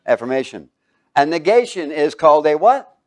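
A man's voice: fairly high pitch, very animated, normal speed. A man teaching a Bible class, quizzing his students with fill-in questions and breaking into sudden exclamations.

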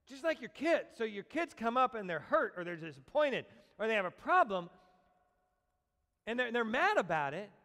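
A man preaching a sermon as a pastor, animated, acting out quoted voices and speaking directly to his congregation. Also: very high-pitched. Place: church sanctuary. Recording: long church reverb.

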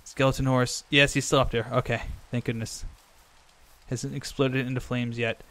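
A young man giving Minecraft let's play commentary, frantic and excitable, rambling fast when thrilled. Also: mid-range voice. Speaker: gaming video host.

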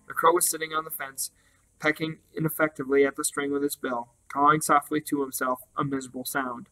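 Bright-voiced man reading a storybook. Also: on the high side, a little fast, low-quality recording. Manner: steady, even reading with small slips. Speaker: storybook reader. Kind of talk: reading a children's novel aloud.

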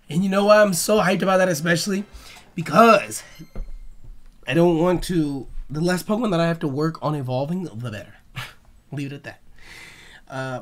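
A young man hosting a casual let's play, excitable and profane, talking back to the creatures on screen. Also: fairly high pitch. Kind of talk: casual gameplay commentary.

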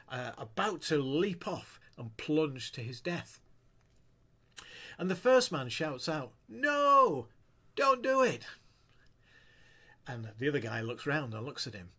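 Lively, slightly husky male preacher. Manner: storytelling, acting out quoted lines with rising pitch. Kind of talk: sermon. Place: church.

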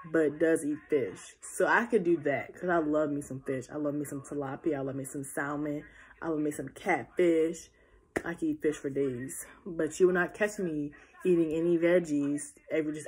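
A tired teenage girl talks into her phone for a casual question-and-answer vlog. Her voice sits a little low, and she rambles with frequent restarts. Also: breathy edge. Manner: chatty, rambling, many restarts. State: tired and yawning. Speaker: vlogger.

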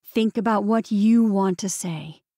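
A woman narrator voicing a steady, coaxing friend who talks slowly and deliberately. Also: mid-range voice, no room sound, studio quality.

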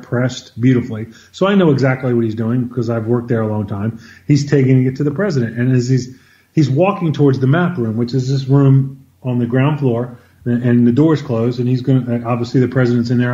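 A man as an interview guest, telling an anecdote in an animated conversational way, often repeating words as he starts a sentence. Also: mid-range voice, lo-fi sound. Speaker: interview guest, former White House officer. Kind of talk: conversational storytelling.

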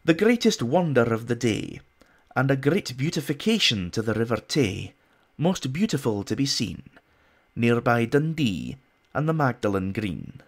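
A man's voice: mid-range voice, very animated, measured pace, voice pushed up. A man putting on a Scottish accent to play a pompous Victorian poet, reciting verse in a grand, sing-song way. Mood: grandly declaiming. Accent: put-on Scottish. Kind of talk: dramatic poetry recital.

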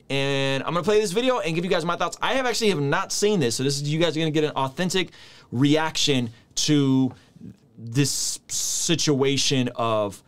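A man's voice: on the high side, clear, resonant tone. A young man giving casual reaction commentary, joking and tossing asides to a friend in the room. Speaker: YouTube commentator.

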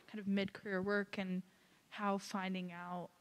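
A woman in the audience asking a long, halting question at a talk. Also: mid-range voice, flat delivery. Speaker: audience member.

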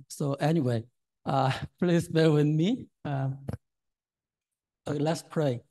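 A man's voice: a little high, fairly even intonation, slow pace, dark tone, low-quality recording. A man in his sixties preaching a sermon as a lay preacher, nervous and hesitant with many fillers and a trembling voice. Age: 60s.

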